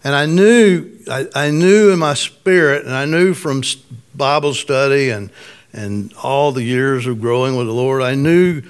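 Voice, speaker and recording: Middle-aged male pastor, slightly raspy, conversational storytelling sermon, mid-pitched. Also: measured pace. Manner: conversational, storytelling, asks congregation questions.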